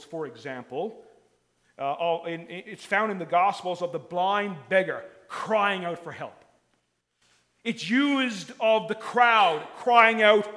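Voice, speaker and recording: A male pastor preaching a sermon and leading a closing prayer, swinging from loud impassioned cries to hushed near-whispers. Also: a little high. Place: church sanctuary. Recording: long church hall reverb.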